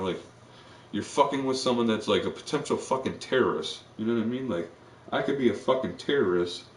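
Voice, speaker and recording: Man, low voice, rambling and profane live-stream talk, echoey room, mic far off. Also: a little hiss or hum. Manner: profane, rambling, full of fillers.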